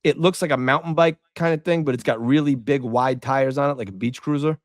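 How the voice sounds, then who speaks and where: Speaking a little fast in a mid-range voice, a middle-aged male podcast co-host chats casually and spins stories. The recording is dry and studio-clean. He animatedly acts out people's quotes and doesn't hold back on swearing.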